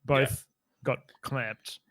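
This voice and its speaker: A man's voice: drawn-out words, a bit bright. A man co-hosting a casual gaming chat, joking and chiming in with short replies. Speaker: podcast co-host.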